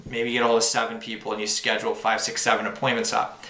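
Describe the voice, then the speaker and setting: A man's voice: on the low side, monotone, fast, sharp tone, reverberant. A young man giving casual, upbeat tips to new sales reps, with lots of fillers. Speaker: sales trainer. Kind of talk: instructional talk to new reps.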